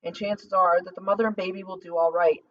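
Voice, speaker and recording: A woman voicing a weary, volatile male town doctor in an audiobook, brisk with sudden rages. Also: on the low side, steady tone, a little hiss or hum, natural voice. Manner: brisk, then raging outbursts. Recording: slightly distant dull lo-fi recording.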